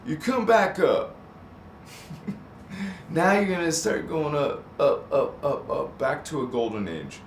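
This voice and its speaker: A middle-aged man with a fairly high, very animated voice hosts a live stream, speaking slowly with long pauses. He reads viewer comments aloud, rambles off on tangents and laughs often, in a room with a roomy echo and a little hiss or hum.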